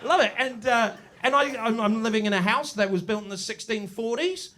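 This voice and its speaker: A man from New Zealand with a New Zealand accent doing a crude, animated stand-up set in a pub, with loud, shouted punchlines. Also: very high-pitched, a little fast. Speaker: stand-up comedian. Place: live show in a village pub.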